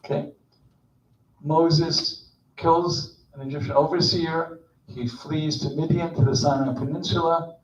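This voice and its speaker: Man preaching in a casual, joking way; slightly high voice, echoey and distant. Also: fairly even intonation, a little slow. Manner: conversational, digressive, joking asides. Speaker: speaker at Shabbat service. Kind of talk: informal sermon. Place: temple sanctuary.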